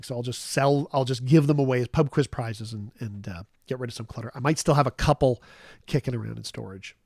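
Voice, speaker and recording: A man's voice: medium pitch, fairly quick, vocal fry, no room sound. Rambling man telling a story, dry sound. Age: 40s. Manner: rambling, animated, with fillers and restarts. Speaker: host. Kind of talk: casual storytelling chat.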